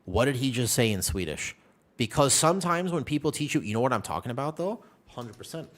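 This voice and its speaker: A man chatting casually with his viewers while streaming a game, telling stories in an animated way. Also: medium pitch, a little fast.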